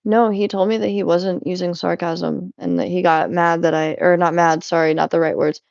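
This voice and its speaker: A woman's voice: lowish voice, little pitch movement, moderate pace, vocal fry, a little mellow, no room sound, lo-fi sound. A young woman vlogging casually as she sorts things at home, talking in a rambling, chatty way, cutting herself off and laughing often. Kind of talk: casual chat while cleaning.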